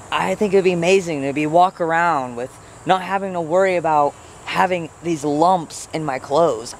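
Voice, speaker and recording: A young adult man vlogging outdoors by a house and garden, talking in a rambling, earnest way. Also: slight background noise. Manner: rambling and earnest, voice jumps high when talking to pets. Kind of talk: casual vlog talk.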